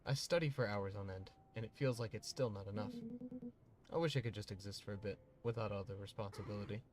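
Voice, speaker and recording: A man's voice: lowish voice, fast talker, darkish tone, soft background music, close to an everyday voice. A man reading the lines of a lonely, studious young male devil noble, in a plain, reflective way. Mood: wistful. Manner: reads dialogue aloud plainly, reflective.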